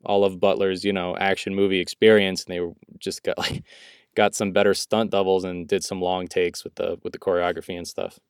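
A man's voice: low-pitched, little pitch movement, a little fast, clean tone, no echo, clean studio sound. A man co-hosting a podcast, chatting casually about a movie, rambling with frequent laughs and restarts. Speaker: podcast co-host. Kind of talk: casual movie review chat.

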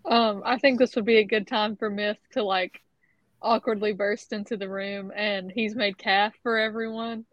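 A woman's voice: mid-range voice, fairly even intonation, moderate pace, no room sound, muffled recording. A woman narrating her character's actions in a tabletop game, hesitant and giggly. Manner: hesitant, giggly, self-conscious. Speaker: player. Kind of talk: tabletop role-play narration.

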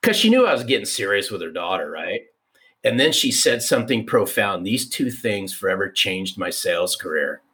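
A man in his fifties, a podcast guest telling a personal story in an animated, repeating way. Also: lowish voice, moderate pace. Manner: animated, restarts, repeats for emphasis. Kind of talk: conversational storytelling.

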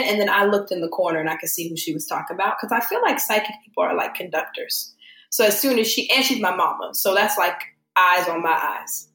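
A woman's voice: medium pitch, fast, reverberant. A young adult woman telling a story in casual chat, acting out the voices of the people she quotes. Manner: animated, acts out quoted voices. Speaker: podcast guest.

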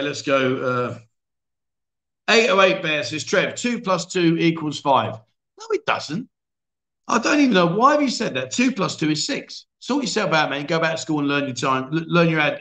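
Male livestream host, slightly high voice, casual and matey, echoey room. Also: a bit bright. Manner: chatty, self-deprecating, frequent restarts and "mate". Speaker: livestream chat show host. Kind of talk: casual livestream chat reading viewer comments.

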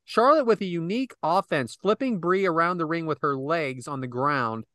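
A man's voice: on the high side, normal speed, no echo, clean studio sound. A man hosting a casual podcast chat, recapping a match play by play and calling on his co-hosts by name. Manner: animated, calls on co-hosts by name. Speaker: podcast host.

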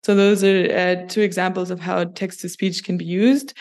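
A woman, a podcast guest, explaining things in a measured way with many small restarts. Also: lowish voice, flat delivery, a little mellow. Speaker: guest, company chief of staff. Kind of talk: podcast interview.

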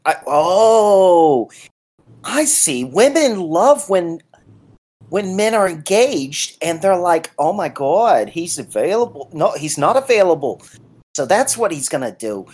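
A woman's voice: on the low side, very animated, takes it slowly, darkish tone, husky, full character voice. A woman playing a naive young man new in the city, talking hesitantly with lots of ums and uhs. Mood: earnest.

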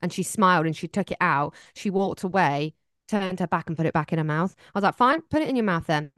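A woman's voice: lowish voice, animated, fast, a bit bright, no room sound, clean studio sound. A woman co-hosting a podcast, chatting casually and quoting people as she tells stories. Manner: chatty, laughs easily, quotes people in her stories. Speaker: podcast co-host. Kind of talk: casual chat.

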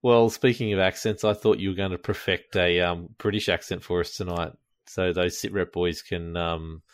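A very deep-voiced man on a gaming podcast, talking in a relaxed, rambling way with plenty of ums and laughs. The sound is dry and close, with no room around it. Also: moderate pace, no room sound. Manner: chatty, laughs often, frequent ums. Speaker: podcast co-host. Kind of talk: casual gaming chat.

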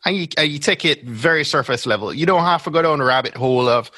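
A man's voice: fairly high pitch, fast, pushed and bright, dry recording. A man with a Jamaican accent, a podcast guest explaining things step by step in casual interview talk. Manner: explains step by step, often checks in with "right?". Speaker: podcast guest, brand strategist.

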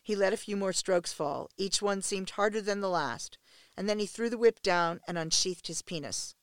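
A woman narrating a first-person erotic story in an intimate, steady reading voice. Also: mid-range voice, moderate pace, no room sound. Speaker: audiobook narrator.

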